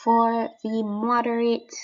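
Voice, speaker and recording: A woman's voice: a little high, monotone, takes it slowly. A woman teaching, walking students step by step through a French oral exam mark scheme and repeating the key points. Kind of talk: exam guide lesson. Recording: dull lo-fi sound.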